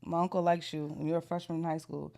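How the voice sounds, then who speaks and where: A woman in her thirties co-hosting a relaxed podcast. She tells stories with sass and animated, mock-indignant flair. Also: deep voice, fast talker, creaky. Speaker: podcast co-host. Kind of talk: casual storytelling chat.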